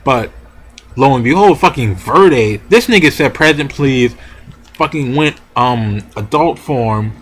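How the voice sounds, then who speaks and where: Excited, profane young man reviewing manga. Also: mid-range voice, unhurried, husky. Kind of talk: casual video review.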